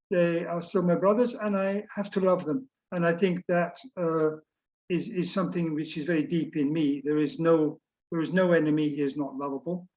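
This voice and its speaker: An older man, a bishop, answering questions on a video call in a reflective, hesitant way with many uhs and ums. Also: fairly high pitch. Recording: dull lo-fi video-call audio.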